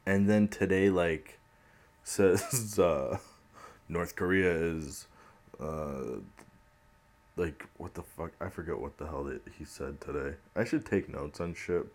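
A young man hosting a podcast, giving rambling casual commentary on the news, laughing often and swearing. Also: low voice. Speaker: podcast host.

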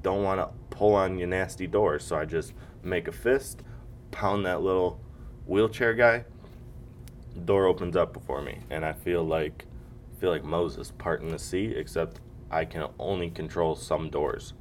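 Hosting a solo comedy podcast, a man jokes and rants casually, swearing a lot and slipping into mocking impressions. His voice is low and his pace measured, with slight background noise behind him.

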